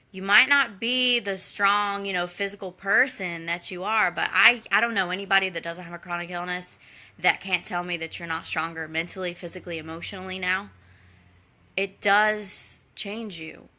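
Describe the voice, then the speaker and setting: A woman's voice: lowish voice, sharp tone. A woman in her thirties speaking candidly and earnestly to an online community, encouraging and conversational, with occasional fillers. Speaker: guest speaker in a live Q&A. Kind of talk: candid personal talk to a community.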